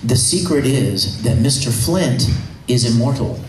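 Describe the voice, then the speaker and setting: A man at a convention panel, excitedly and emotionally retelling a story with many restarts. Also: medium pitch, a little slow, distant mic. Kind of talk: enthusiastic storytelling. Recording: echoey hall, faint noise.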